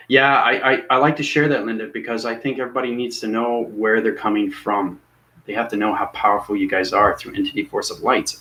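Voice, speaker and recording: A man's voice: on the low side, fairly bright tone, low-quality recording. A man talking earnestly and rambling about spiritual ascension, often repeating himself. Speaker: spiritual teacher. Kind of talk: unscripted spiritual talk.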